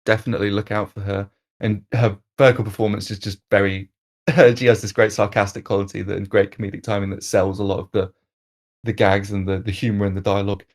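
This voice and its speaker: A man hosting a film review podcast, reading an analytical critique in a measured way with occasional restarts. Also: on the low side, flat delivery.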